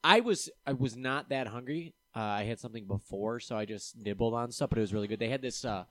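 A man telling stories in a casual chat, relaxed and hesitant, with many uhs. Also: medium pitch, fast talker, slight background noise.

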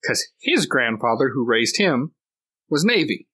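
A man's voice: mid-range voice, sing-song, unhurried, pushed and bright. Rambling, laughing male podcast storyteller. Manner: rambling storyteller, laughs often, restarts sentences. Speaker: podcast co-host. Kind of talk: casual podcast chat.

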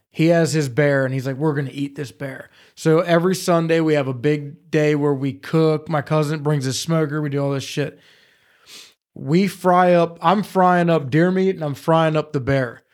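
A man telling hunting stories in casual studio chat, profane and animated. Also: a little high. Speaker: podcast co-host.

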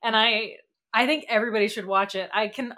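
A woman's voice: a little high, fairly even intonation, brisk, bright, forceful tone. A woman co-hosting a podcast in casual chat, gushing with enthusiasm. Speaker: podcast co-host.

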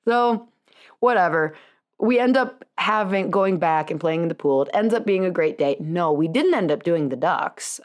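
A woman in her thirties hosts her own podcast with a slightly low, easy voice. She rambles through a personal story in a chatty, self-deprecating way, laughing at herself often. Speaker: podcast host, chiropractor. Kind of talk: casual storytelling monologue.

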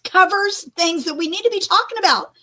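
Older woman, high voice, co-host on a faith broadcast, emphatic and lively delivery. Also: a little fast. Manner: animated, emphatic, many restarts. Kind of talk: casual faith talk chat.

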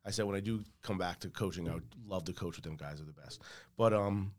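A man's voice: low voice, quick pace. A man in his thirties chatting casually as a podcast guest, rambling and repeating his words. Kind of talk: casual chat.

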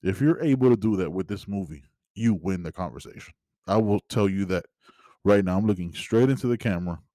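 A man's voice: deep voice, brisk, mellow, dry recording, clean studio sound. A man hosting a podcast, giving a casual solo movie review as an exasperated, rambling rant full of restarts. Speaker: podcast host.

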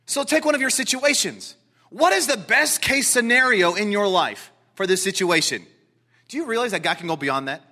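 High, lively, bright-voiced male preacher. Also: normal speed. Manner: animated, emphatic preaching with repetition; excitable, talks directly to congregation. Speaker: pastor. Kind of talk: sermon.

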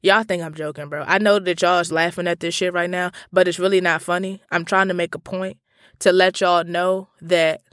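A man with a high-sitting voice tells a story straight to his listeners, recorded at studio quality with no echo. His monologue is casual, profane and slangy, swinging between animated rants and calmer reflection.

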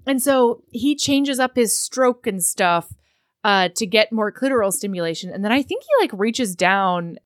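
A woman co-hosting a casual book chat, frank and animated, acting out scenes as she retells them. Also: mid-range voice, normal speed, no room sound, studio quality.

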